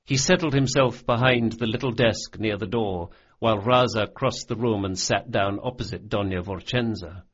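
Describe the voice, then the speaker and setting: A man narrating a fantasy audiobook in a measured, expressive storytelling manner, on a dull lo-fi recording. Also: lowish voice, slightly rough. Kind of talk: scripted narration.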